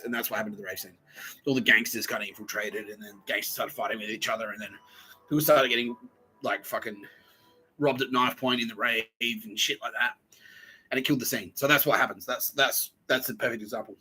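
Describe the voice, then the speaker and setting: A man hosting a podcast, rambling through a profane comedic monologue. His voice is very bright and cutting, and faint music plays underneath. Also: fairly low pitch, steady tone, a little fast, rough recording. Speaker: podcast host.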